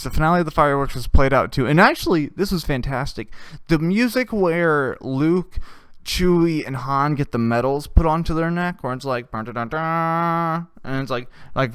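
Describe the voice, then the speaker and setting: A man's voice: mid-range voice, clear, resonant tone, dry recording. A man hosting a casual podcast, telling a story with frequent swearing, laughter and hummed tunes. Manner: laughs often and hums tunes while telling stories; swears freely. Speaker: podcast host.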